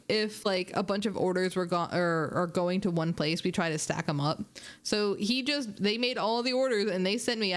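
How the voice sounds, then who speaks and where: Chatty young woman telling stories. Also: mid-range voice. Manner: chatty, animated, swearing, laughing often. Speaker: streamer. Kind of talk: casual storytelling.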